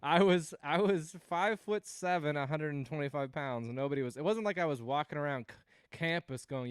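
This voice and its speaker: Man, thirties, stand-up comic, rambling, self-mocking, smooth clear voice, dry close sound. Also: on the high side, brisk, no echo. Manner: self-deprecating, rambling, laughs at own jokes. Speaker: stand-up comedian hosting a livestream. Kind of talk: stand-up set on a livestream.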